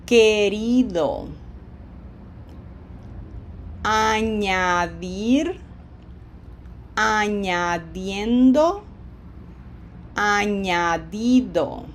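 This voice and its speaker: A woman teaching a language lesson, drilling verb forms slowly and clearly for the learner to repeat. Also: fairly high pitch, darkish tone, a little hiss or hum. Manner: slow, deliberate, drills words for the learner to repeat. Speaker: Spanish teacher.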